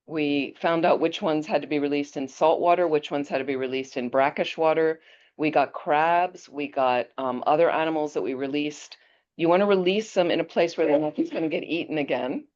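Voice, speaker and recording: A woman Buddhist teacher giving a teaching talk, telling a personal story in an animated, chatty way. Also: low voice, normal speed. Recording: dull lo-fi audio.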